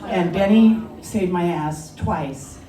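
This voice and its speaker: A woman's voice: on the low side, takes it slowly, dark tone. A woman telling a personal story at a live story slam, conversational and often laughing. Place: bar lounge stage. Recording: echoey lounge, distant mic, background noise.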